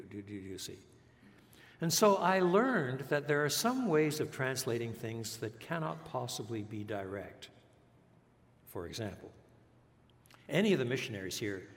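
An older man from French Canada, raised speaking English and French, preaching a teacherly sermon with rhetorical questions and repeated words. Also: mid-range voice. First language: bilingual English and French. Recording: long reverb of a large hall.

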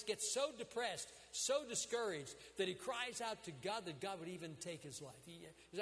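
A man's voice: on the high side, a bit bright, in a large hall, a little hiss or hum. A man preaching a sermon, retelling scripture stories in an earnest way and acting out the quoted prayers with drama. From United States.

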